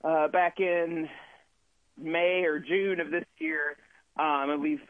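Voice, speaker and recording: Over a tinny, dry phone connection, a man who tours as a musician rambles amiably as an interview guest, filling his talk with fillers. He speaks slowly in a slightly high, steady voice.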